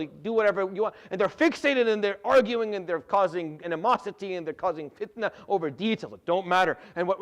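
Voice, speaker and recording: Middle-aged male Quran teacher, high and fast, animated, restarts his words a lot. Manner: animated, repeats and restarts words, drops Arabic terms. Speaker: Quran teacher giving tafsir. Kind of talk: religious lesson.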